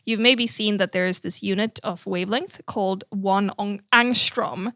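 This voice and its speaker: A woman's voice: medium pitch, steady tone, moderate pace, a bit bright, no echo, studio quality. A woman from Sweden, a native Swedish speaker, co-hosting a podcast in a giggly, chatty way and explaining things at length. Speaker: podcast co-host. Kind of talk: casual chat.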